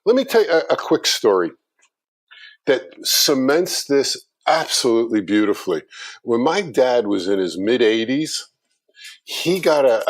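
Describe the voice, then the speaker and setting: Middle-aged male guest, animated storyteller, mid-range voice. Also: medium pitch. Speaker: guest speaker on customer experience. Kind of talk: storytelling in a conversation.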